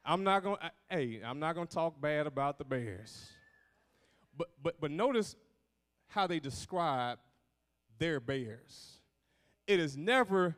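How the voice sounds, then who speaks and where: A man's voice: fairly high pitch, animated, takes it slowly, long pauses, a bit bright, big-room sound. A man preaching a sermon, talking with his congregation and building in intensity. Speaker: pastor.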